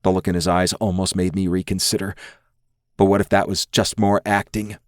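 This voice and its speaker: Guy reading a romance audiobook in first person, lowish voice, dry close sound. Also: level tone, a little fast, dry recording. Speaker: audiobook narrator.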